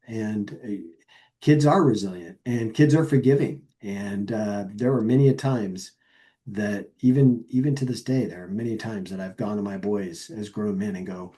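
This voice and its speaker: A middle-aged man speaking as a podcast guest in casual chat, earnest and reflective, halting with many fillers and restarts. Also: fairly low pitch, mellow.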